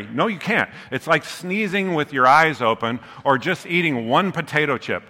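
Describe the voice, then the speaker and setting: Bright-voiced joking preacher in a hall. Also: male voice, mid-range voice, animated, unhurried, hardly any pauses. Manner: humorous, conversational, often checks in with "okay?". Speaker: pastor. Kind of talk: sermon. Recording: long reverb of a large hall.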